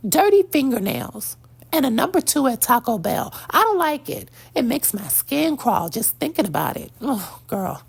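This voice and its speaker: A woman's voice: fairly high pitch, creaky, breathy edge. A woman giving blunt, sassy celebrity gossip commentary, preaching and calling out to "girl" and "y'all".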